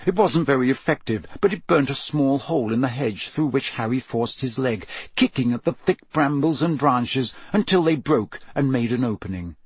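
A man's voice: medium pitch, husky, no echo. A man reading an audiobook aloud, with tense, dramatic storytelling. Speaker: narrator.

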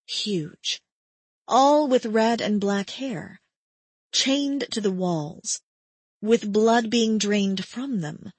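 A woman narrating first-person fiction in a breathy, measured, steady voice. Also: mid-range voice, no room sound. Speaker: audiobook narrator.

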